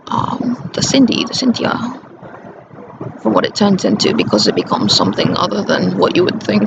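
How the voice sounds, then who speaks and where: A woman vlogger telling a rambling personal story, halting and breaking into nervous laughter. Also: medium pitch. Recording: muffled lo-fi with clear background noise.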